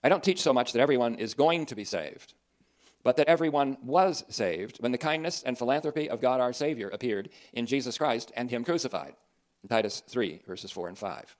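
A man delivers a sermon in an earnest, emphatic way. His voice sits at a middling pitch, and he drops in dry asides as he goes. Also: animated, brisk. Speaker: preacher.

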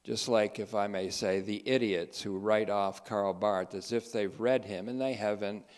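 A man giving spoken theology commentary, emphatic and sardonic, reading quotations slowly with heavy stress. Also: fairly low pitch, steady tone. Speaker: teacher of a theology group.

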